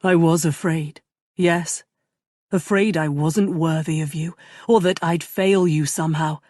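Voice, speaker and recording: A woman voicing a tender, remorseful young nobleman in love, speaking softly and earnestly. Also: low-pitched, fairly even intonation, unhurried, no echo, studio quality. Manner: soft, earnest and intimate.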